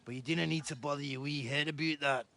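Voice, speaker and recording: An actor playing a brash, mocking young bully who swears a lot. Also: male voice, a little high, steady tone, fast, bright, forceful tone. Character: brash rowdy young male bully, wedding guest.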